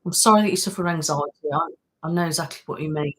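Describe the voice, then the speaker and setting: A woman with a low, fast, breathy-edged voice hosts an ASMR live stream, chatting casually, reading comments, and thanking viewers by name. She uses a studio mic, though the audio quality is poor.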